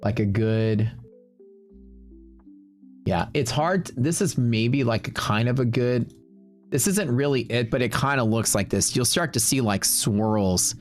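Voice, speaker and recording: A man's voice: mid-range voice, a little slow, soft background music. A man hosting a livestream, telling a long story in a casual, rambling way, full of fillers and quoted back-and-forth. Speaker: livestream host.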